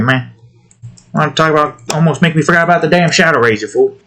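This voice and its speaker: A man with a slightly high, sharp-toned voice talks fast and casually to himself as he draws digital art on stream, muttering about his work and snapping at his cat.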